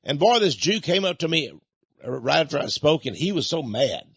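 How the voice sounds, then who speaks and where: Husky-voiced male radio host. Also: a little high, big pitch swings, moderate pace, fairly bright tone, no room sound, dull audio. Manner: emphatic, mocking storytelling. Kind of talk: monologue.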